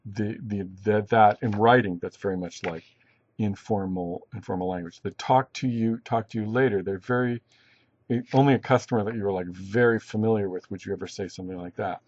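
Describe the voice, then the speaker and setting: A man teaching a recorded lesson, halting and restarting often, in a dry, slightly dull recording. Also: on the low side, fairly even intonation, darkish tone. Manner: halting, many restarts and fillers. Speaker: instructor. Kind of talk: recorded online lecture.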